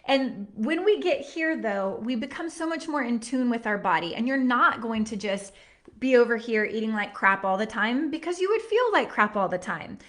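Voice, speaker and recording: A woman in her thirties leads a live workshop, her high voice earnest and heartfelt. She talks in a chatty, encouraging way and leans on casual fillers as she goes. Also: animated, normal speed, fairly bright tone. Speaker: workshop host and nutrition coach.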